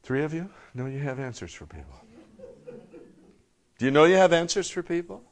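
A man's voice: animated, moderate pace. Fervent man preaching a sermon. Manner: dynamic, swinging from loud emphatic bursts to hushed low tones; rhetorical questions to the congregation. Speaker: pastor. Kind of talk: sermon to a live congregation.

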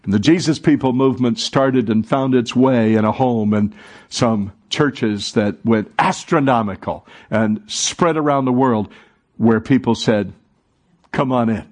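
A man's voice: medium pitch, measured pace. A man preaching a sermon as pastor, calling on the congregation to answer and repeat after him. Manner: preaching, calls for congregation responses. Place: church sanctuary.

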